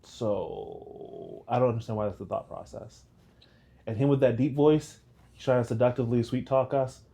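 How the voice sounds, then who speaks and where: Mellow-voiced man, reaction host, rambling and jokey. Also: normal speed, gravelly. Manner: jokey, rambling, laughs in high bursts. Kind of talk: casual chat.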